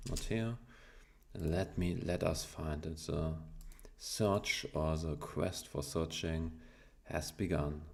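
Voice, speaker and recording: A man's voice: rumbling low, slow pace, gravelly, darkish tone. A man with a German accent thinking aloud to himself as he codes on a live stream, with keyboard clicks behind him. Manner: muttering to himself while typing, half-joking. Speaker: coding streamer. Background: keyboard typing and clicks.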